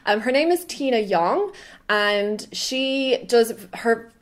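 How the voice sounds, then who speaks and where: A woman's voice: fairly high pitch, lively intonation, slow. An Irish woman who works as a makeup artist, chatting casually to camera about channels she likes, gushing and peppering her talk with fillers. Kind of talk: casual vlog recommendations.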